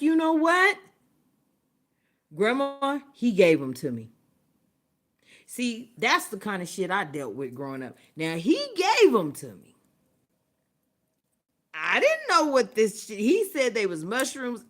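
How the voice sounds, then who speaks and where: A woman's voice: on the high side, unhurried. Profane, laughing woman telling a story. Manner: profane, animated, laughs often while telling. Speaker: livestream host. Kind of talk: casual storytelling. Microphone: phone or webcam, livestream.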